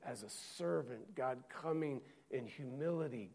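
Male pastor, mid-pitched voice, dramatic sermon delivery with loud and hushed passages. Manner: swings from loud urgent preaching to hushed slow reading.

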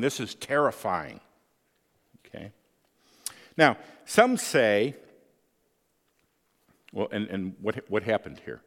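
A man's voice: fairly low pitch, very animated, slow pace, vocal fry, pauses often, fairly bright tone, big-room sound. A man preaching a sermon as pastor, conversational, often checking in with the listeners with tag questions.

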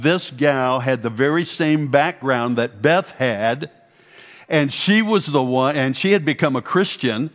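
A man giving a folksy testimony talk at church, telling a story full of quoted dialogue. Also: fairly high pitch. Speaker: church speaker. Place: church sanctuary. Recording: long church hall reverb.

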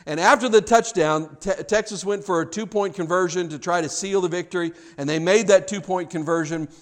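High-voiced man preaching a sermon. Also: fairly quick. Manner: conversational preaching, swings from hushed to loud; stumbles and repeats words. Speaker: pastor.

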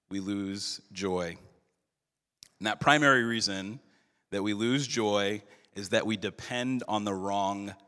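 A male pastor giving a sermon in an earnest, measured way, slowing down for emphasis. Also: fairly low pitch, pushed and bright. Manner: earnest, measured preaching with slowed emphatic phrases. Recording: long hall reverb.

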